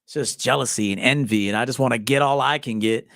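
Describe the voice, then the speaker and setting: A man in his forties, a men's life coach, telling stories in a profane, animated casual monologue, acting out quotes. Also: medium pitch, fast, dry recording, clean studio sound. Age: 40s. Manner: profane, animated storytelling with acted quotes and laughs.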